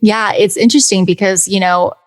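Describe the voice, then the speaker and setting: A woman's voice: medium pitch, a little fast. A woman, a music producer and coach, talking animatedly as a podcast guest into a studio mic, full of fillers and acted-out quotes. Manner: animated, acts out quoted people, many fillers. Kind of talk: casual interview chat. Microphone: studio dynamic mic.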